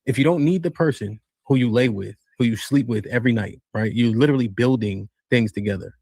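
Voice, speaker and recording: A man's voice: medium pitch, a little fast, gravelly, darkish tone, no echo, studio quality. A man hosting a podcast debate, pressing a guest with repeated questions and stumbling over his restarts.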